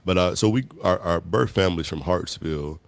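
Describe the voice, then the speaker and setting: Deep gravelly young man, earnest. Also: no room sound. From Virginia. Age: 20s. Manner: earnest, measured. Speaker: guest, mayoral candidate. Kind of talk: interview talk.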